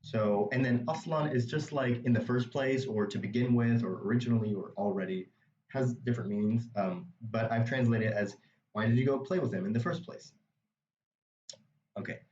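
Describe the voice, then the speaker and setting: A man's voice: medium pitch, a little fast, darkish tone, roomy sound, recorded from a distance, dull audio, slight background noise. A man teaching a language, explaining a reading passage step by step in a patient way with many asides. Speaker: Arabic dialect teacher.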